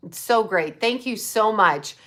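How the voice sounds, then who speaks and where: An older psychic host on a livestream answers her viewers with blunt profanity and expresses thanks for super chats. Her mid-range voice is animated, unhurried and a bit bright.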